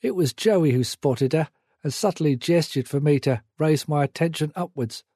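A man narrating a memoir in a measured, reflective way. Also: on the high side, warm tone, breathy edge, dry recording, clean studio sound.

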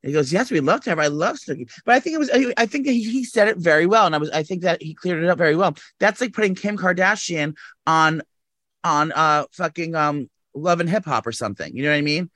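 A man's voice: a little high, quick pace, bright, forceful tone. A man co-hosting a podcast, chatting casually and rambling with lots of fillers, restarts and swearing. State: out of breath. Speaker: podcast co-host. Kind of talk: casual chat. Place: New York apartment.

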